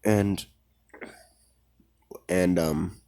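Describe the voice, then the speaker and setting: A man's voice: deep voice, fairly even intonation, very slow, dark tone, smooth. A man casually retelling a fan story in a rambling, profane way, full of fillers.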